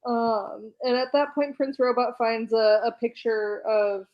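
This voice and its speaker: A woman's voice: a little high, fairly even intonation. Chatty woman retelling a comic, lo-fi audio. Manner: retells scenes by quoting characters in quick voices, laughs often. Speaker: podcast co-host recapping a comic. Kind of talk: casual chat.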